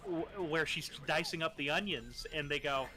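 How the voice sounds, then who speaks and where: A man's voice: fairly high pitch, moderate pace, bright, forceful tone, faint music behind. A man chatting casually as a stream co-host, rambling, swearing and laughing a lot.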